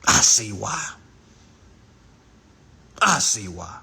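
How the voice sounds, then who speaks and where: A man's voice: fairly low pitch, very animated, very slow, creaky, sharp tone. A man talking straight to livestream viewers, profane and emphatic, now and then acting out other people's voices. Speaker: livestream speaker. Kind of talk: animated monologue to viewers.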